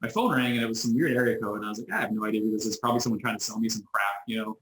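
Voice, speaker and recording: A man being interviewed over a video call, telling a story in a lively way, acting out the people he quotes and often restarting his sentences. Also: fairly low pitch, very fast. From United States. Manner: animated storyteller who acts out quoted voices, frequent restarts. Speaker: interview guest, business owner. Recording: roomy echo.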